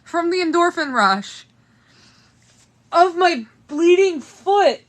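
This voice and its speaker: A woman's voice: very high voice, expressive, slow. A young woman livestreaming casually to her viewers, shaky and in pain, laughing nervously and swearing through it. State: trembling, in pain.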